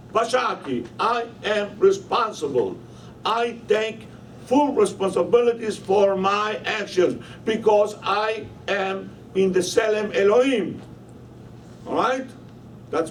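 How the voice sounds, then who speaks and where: A man teaching a Torah class in a study hall, emphatic and constantly questioning his listeners. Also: sits high. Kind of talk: Torah lesson. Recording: voice from a distance, faint room noise.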